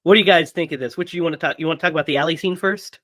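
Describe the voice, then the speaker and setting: A man co-hosting a casual movie podcast, retelling scenes with quick quoted character lines. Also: fairly high pitch, a bit bright, no echo, clean studio sound. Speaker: podcast co-host.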